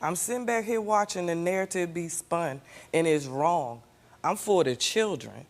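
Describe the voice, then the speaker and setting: A woman's voice: lowish voice, unhurried. An older woman and grandmother, a talk show guest, speaking defensively and insistently.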